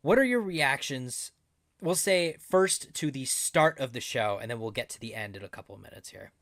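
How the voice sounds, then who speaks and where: A man co-hosting a podcast in easy, animated conversation, laughing often. His voice sits in a middle pitch. The recording is dry and close. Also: moderate pace, no room sound. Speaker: podcast co-host. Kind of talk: casual chat.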